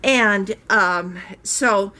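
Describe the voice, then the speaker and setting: An older woman casually telling a story to her viewers, chatty and animated, acting out the quoted voices. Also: medium pitch, drawn-out words. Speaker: reborn doll maker vlogger.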